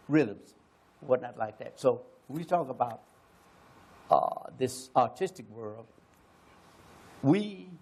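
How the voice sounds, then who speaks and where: An American man on an arts panel, talking in a slow and musing way, repeating phrases and pausing often. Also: mid-range voice, a little mellow, slightly rough. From United States. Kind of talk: slow reflective panel talk.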